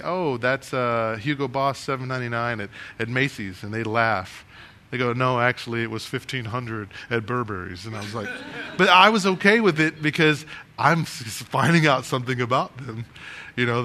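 A man leading a networking workshop before a live room, animated and restless, often asking the audience questions and moving as he talks. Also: mid-range voice. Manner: animated, talks with his hands and moves around; asks the room many questions. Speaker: speaker giving a networking workshop.

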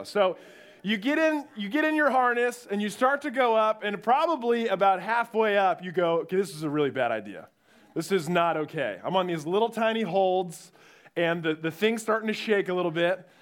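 Animated man telling a youth sermon. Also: high voice. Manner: animated storytelling, acting out quoted voices. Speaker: youth pastor.

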